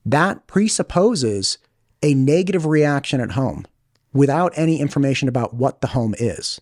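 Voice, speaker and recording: Animated man pushing back in a debate. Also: mid-range voice, normal speed, no room sound, clean studio sound. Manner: animated, pushes back, conversational. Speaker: podcast host. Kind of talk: debate in a podcast interview.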